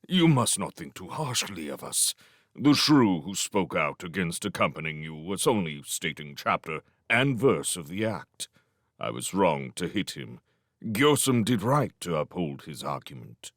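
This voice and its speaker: A man voicing a gruff, hot-tempered older male shrew leader in a storybook reading. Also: low voice, sing-song, a little slow, dry recording, studio quality, full character voice. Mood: earnest. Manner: gruff, scolding.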